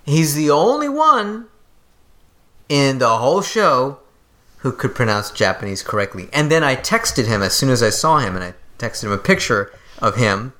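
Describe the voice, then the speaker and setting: A man co-hosting a casual chat about a TV episode, speaking in measured, drawn-out phrases. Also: medium pitch, sing-song, pushed and bright. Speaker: podcast co-host.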